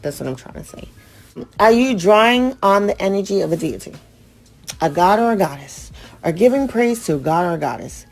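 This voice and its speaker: A woman's voice: medium pitch, lively intonation, fairly quick. A woman hosting a radio show, reading out ritual steps and breaking off for blunt, profane, joking asides.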